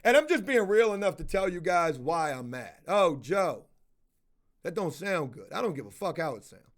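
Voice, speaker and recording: A man with a notably high voice talks casually to his camera audience. He tells his story bluntly, exasperated and swearing freely. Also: big pitch swings, moderate pace. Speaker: vlogger.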